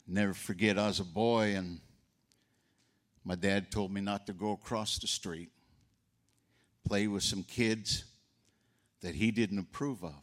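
An older man delivers a folksy eulogy for his sister, telling stories about her and acting out the voices of the people in them. His voice is on the low side and steady, a little slow, with long pauses.

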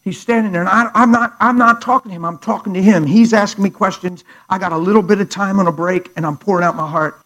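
A middle-aged man preaches in a high voice, telling stories with lively swings in loudness. He acts out the people in his tales, dropping to near hushed tones before rising again. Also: fast, few pauses, low-quality recording. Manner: animated storyteller acting out dialogue, swings from hushed to loud. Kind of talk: sermon storytelling.

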